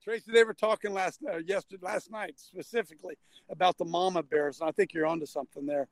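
A man's voice: sits high, steady tone, quick pace, creaky, no echo, low-quality recording. An older man hosting a casual call-in talk show, rambling and folksy with frequent restarts, talking from a vehicle.

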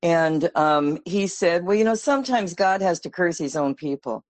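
A woman's voice: fairly low pitch, lively intonation, normal speed, darkish tone, no room sound. Chatty female caller. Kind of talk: casual chat.

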